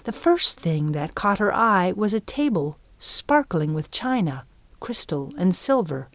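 Slow, dry-voiced woman reading a storybook. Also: fairly low pitch, dry recording. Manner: measured, expressive reading. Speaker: audiobook narrator. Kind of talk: scripted storybook narration.

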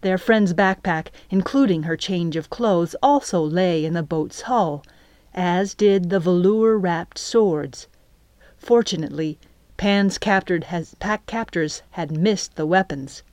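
Woman narrating an audiobook, lowish voice, calm even reading, dry close mic. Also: no echo. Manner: measured, even storytelling. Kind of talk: scripted narration.

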